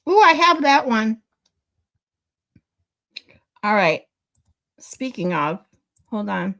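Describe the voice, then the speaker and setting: Lady streamer, bit high voice, just chatting and laughing along. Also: sing-song, takes it slowly, pushed and bright. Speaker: streamer reacting to clips. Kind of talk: casual chat.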